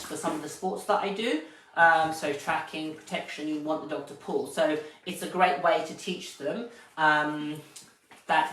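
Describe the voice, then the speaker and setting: A man's voice: on the high side, fairly bright tone. A man, a dog trainer, explaining his methods in a live-streamed training session and stopping to praise a puppy. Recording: roomy, distant from the mic, faint noise.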